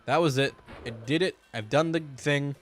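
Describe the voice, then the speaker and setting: A man's voice: medium pitch, moderate pace, soft background music. A man giving casual, rambling commentary while streaming a game, joking and swearing freely, in a hot room at home.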